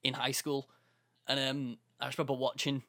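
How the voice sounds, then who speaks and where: Speaking at normal speed in a monotone, medium-pitched voice that sounds pushed and bright, this young podcast co-host tells a story in casual chat. He acts out quotes and laughs frequently.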